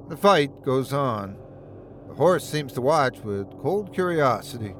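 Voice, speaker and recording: Male horror narrator, first person, measured and steady, mid pitch. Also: a little hiss or hum.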